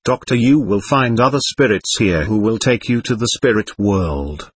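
A man reading aloud the lines of a calm male doctor who instructs and guides spirits, in a plain, instructive way. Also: lowish voice, moderate pace, husky, no room sound. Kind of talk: reading a séance transcript aloud.

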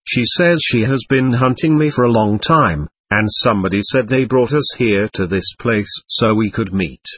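A man reading aloud the words of a lost, lonely, childlike girl spirit from a séance record, in a plain, steady way. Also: mid-range voice, moderate pace, breathy edge, no echo. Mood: wistful.

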